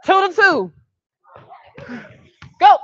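A woman coaching a youth basketball practice, calling brisk directions and praise and gently correcting the kids. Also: extremely high pitch, very animated. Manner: brisk, directive calls and encouragement; patient, gentle correction of the group. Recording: dull, dry lo-fi sound.

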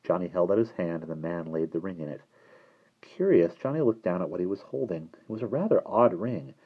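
A man with a husky voice narrating a children's novel in a lively storytelling manner. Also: low voice, a little fast, phone-quality sound. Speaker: audiobook reader.

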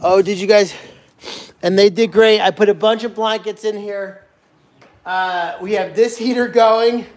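A man's voice: high-pitched, steady tone, measured pace. A man hosting a casual live stream from a barn, chatting to viewers and cooing baby talk to the animals. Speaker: animal sanctuary livestream host.

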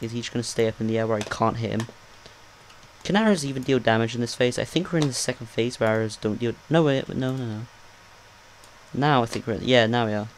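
A man talks through his game as he plays, excitable and quick to joke at his own expense. His voice sits at an ordinary middle pitch, with a faint hiss of noise behind him. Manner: excitable, jokey, talks to himself. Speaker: gaming channel host. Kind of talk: live gameplay commentary.

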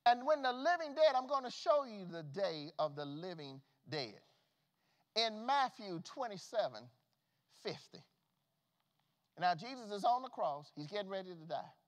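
A man preaching a sermon as pastor, swinging from loud calls to hushed, folksy asides. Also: sits high, very animated, unhurried. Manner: preaching with big swings from shouts to hushed tones. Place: church sanctuary. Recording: long reverb of a church hall.

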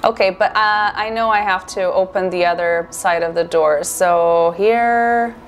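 Excitable woman, unhurried game commentary, mid-pitched, self-correcting. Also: a little hiss or hum. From Portugal or Brazil (Portuguese-speaking). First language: Portuguese. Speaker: gaming streamer and marine biologist. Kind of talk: casual gameplay commentary.

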